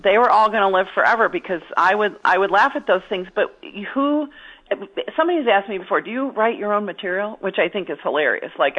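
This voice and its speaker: A woman's voice: mid-range voice, lo-fi sound. A middle-aged woman comedian chatting in an interview, rambling and self-deprecating with lots of restarts. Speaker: stand-up comedian guest. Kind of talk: casual interview chat.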